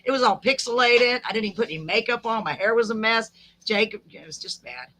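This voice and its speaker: A woman's voice: on the high side, expressive, fairly quick, fairly bright tone. A woman hosting a live podcast, chatting and laughing with a guest and tossing in folksy sayings. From Texas. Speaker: podcast host. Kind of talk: casual live chat with a guest.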